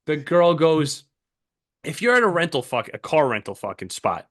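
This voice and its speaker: A podcast co-host man tells a story in a loose, swearing chat. He bounces into voices for the people he meets. His voice sits on the high side for a man. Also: normal speed. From New York. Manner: animated, profane, acts out voices in anecdotes.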